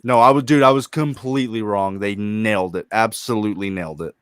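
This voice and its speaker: A man's voice: fairly low pitch, brisk, clean tone, no room sound, clean studio sound. A man co-hosting a casual gaming stream, swearing freely and retelling story scenes with passion.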